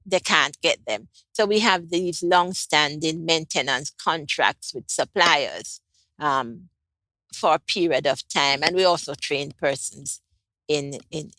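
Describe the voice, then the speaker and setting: A woman answering interview questions about a climate project she leads, in a measured way with frequent ums and restarts. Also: sits low, a bit bright, no echo.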